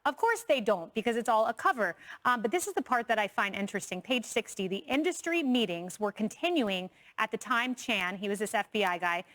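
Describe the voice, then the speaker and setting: A woman hosting an opinion panel, reading quotes and putting brisk questions to guests. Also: on the high side, lively intonation, fairly bright tone. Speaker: panel show host.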